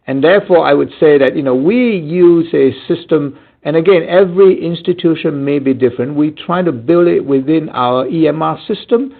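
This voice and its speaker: A man with a slightly high, gravelly voice, speaking as a doctor in a webinar. He explains step by step, pausing often on "uh" and "um". The sound is thin and tinny, like a phone line. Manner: explanatory, halting with frequent fillers. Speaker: physician webinar presenter. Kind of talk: answering audience questions in a webinar.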